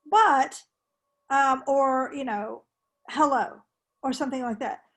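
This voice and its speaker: A woman's voice: high-pitched, unhurried, a bit bright. A woman English teacher talking through ideas with a colleague, rambling and restarting her sentences. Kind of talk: casual professional discussion.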